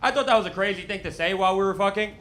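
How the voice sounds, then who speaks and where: A young American man with a lisp performing a stand-up set in a deadpan, self-mocking way on a comedy club stage. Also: sits high, very fast, noisy background. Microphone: handheld stage mic. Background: audience laughter.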